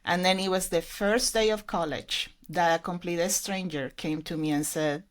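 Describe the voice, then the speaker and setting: A middle-aged woman with a Colombian accent and a lowish voice, speaking as a guest on a podcast. She tells her story about working in ministry earnestly and reflectively. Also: fairly even intonation, a little fast, hardly any pauses. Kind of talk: casual interview.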